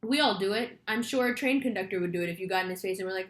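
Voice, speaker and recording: A woman's voice: medium pitch, racing, a bit bright. Chatty woman in an echoey room. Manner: chatty, rambling, swears freely. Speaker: astrology reader. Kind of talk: casual storytelling monologue.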